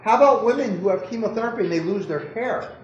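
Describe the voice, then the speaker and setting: A doctor giving an informal medical lecture to an audience, talking conversationally, joking and putting questions to the listeners. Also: male voice, high voice, animated, fast, highs cut off. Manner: conversational, jokey, keeps asking the audience questions. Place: lecture room. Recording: roomy echo with faint background noise.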